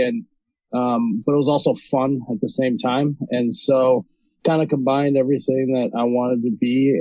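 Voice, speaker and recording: Casting: guest man from North Dakota, easygoing, with lots of ums, monotone, over a slightly muffled dry line. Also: mid-range voice, no room sound. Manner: relaxed, with many ums and restarts. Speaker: podcast guest, video creator. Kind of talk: casual interview talk.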